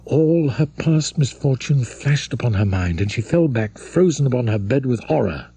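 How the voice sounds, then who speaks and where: A man narrating a classic novel in a dramatic, measured storytelling manner. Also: medium pitch, lively intonation, mellow, breathy edge. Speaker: audiobook narrator.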